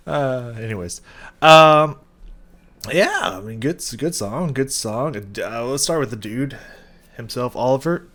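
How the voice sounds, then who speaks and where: A man's voice: medium pitch, lively intonation, unhurried, fairly bright tone. A man hosting a music reaction video, talking loosely with lots of fillers, laughs and casual swearing. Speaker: music reaction channel host.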